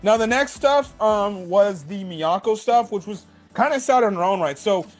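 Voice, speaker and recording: A man giving a casual anime review, animated, emphatic, and profane. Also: high voice, moderate pace, soft background music.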